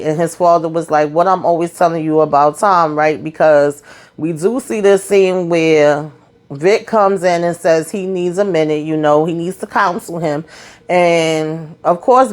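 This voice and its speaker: A middle-aged woman casually recapping a TV episode for her viewers, acting out the characters' lines and talking straight to them. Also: lowish voice. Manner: talks straight to viewers, "y'all", "boo", "child". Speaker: TV recap vlogger.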